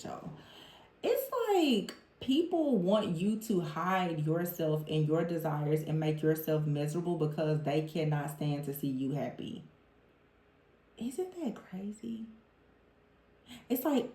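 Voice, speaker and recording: A woman giving a tarot reading to her viewers in an animated, exasperated way, mimicking the people she talks about. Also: lowish voice, moderate pace. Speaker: tarot reader. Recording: roomy echo.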